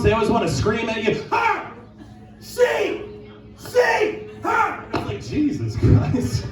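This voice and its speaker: A man doing a crude stand-up set in a bar lounge, riffing fast and shouting his punchlines. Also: very high-pitched, reverberant, recorded from a distance, poor audio. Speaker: stand-up comedian.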